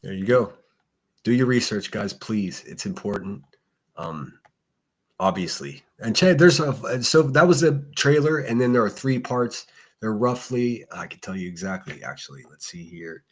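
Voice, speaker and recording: A lowish, husky male voice talks loosely into a desk mic on a solo morning stream. He rambles, swears freely and reacts to viewer comments with blunt opinions. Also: moderate pace. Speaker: livestream host. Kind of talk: casual solo commentary reading chat.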